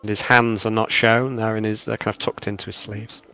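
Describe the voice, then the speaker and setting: A man's voice: fairly low pitch, level tone, a little fast, pushed and bright, faint music behind. A man running a tabletop game as game master, narrating scenes in a descriptive way with many fillers.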